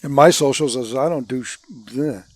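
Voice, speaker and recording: A man as a guest in a casual podcast chat, blunt and animated, a self-described curmudgeon. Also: mid-range voice, normal speed, no room sound, low-quality recording.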